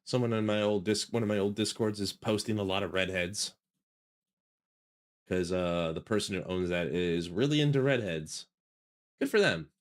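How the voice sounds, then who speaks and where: Speaking at a normal pace in a lowish voice, this man streams a game and chats casually with his viewers. His talk rambles and he keeps correcting himself, addressing chat as he goes.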